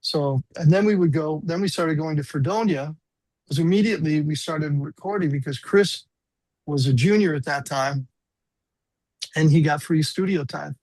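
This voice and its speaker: A man's voice: fairly high pitch, normal speed, darkish tone, dry recording, rough recording. A man in his sixties, a guest musician, telling rambling, self-deprecating stories in a casual interview.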